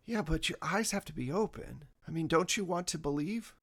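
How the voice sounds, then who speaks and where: A man's voice: fairly high pitch, normal speed, a bit bright, pitched above the performer's own voice. A man playing an agitated, paranoid husband. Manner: anxious, insistent, swears.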